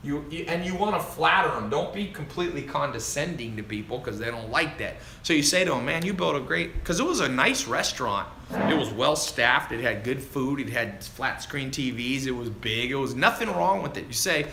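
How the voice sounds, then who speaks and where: A man coaching viewers on a casual livestream, animated and chatty, calling people dude and man as he answers their questions. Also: mid-range voice, moderate pace, vocal fry, background noise. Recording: roomy echo with faint ambience.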